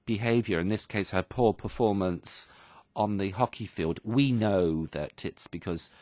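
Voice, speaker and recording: Low-voiced man explaining a lesson. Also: unhurried, a little mellow, dry recording. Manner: patient, explanatory, teacherly. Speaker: English lesson presenter. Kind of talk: radio language lesson explanation.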